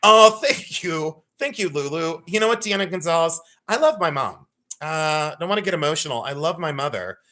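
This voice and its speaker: A man in his fifties hosts a live jewelry sale stream, chatting casually and spinning rambling stories while greeting viewers by name. His voice is on the high side, animated, fairly quick, and a bit bright.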